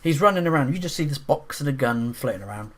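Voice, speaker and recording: Rambling, excitable male film reviewer. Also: medium pitch. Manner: rambling, with frequent restarts and fillers; enthusiastic, breaks into quick voices. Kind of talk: casual film review monologue.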